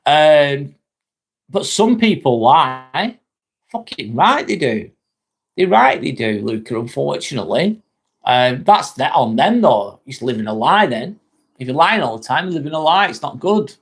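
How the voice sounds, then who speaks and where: A man's voice: a little high, very animated, a little slow, slightly rough. A man with an English accent hosting a casual live stream, reading out chat comments, chatty, swearing casually and laughing often.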